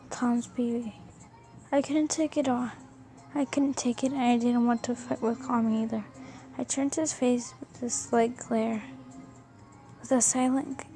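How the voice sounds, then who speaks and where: A woman's voice: fairly high pitch, warm tone. A young woman casually reading a fan fiction story aloud, often stumbling and rereading words.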